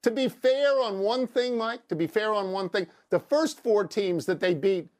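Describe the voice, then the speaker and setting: A man's voice: high voice, normal speed. A man co-hosting a sports debate show, teasing his partner with wry, dry sarcasm. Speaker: sports talk show co-host.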